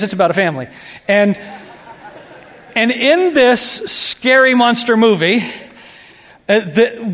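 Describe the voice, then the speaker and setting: Animated high-voiced male preacher in a hall. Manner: animated, shifts between excited asides and soft hushed emphasis. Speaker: pastor. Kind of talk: sermon.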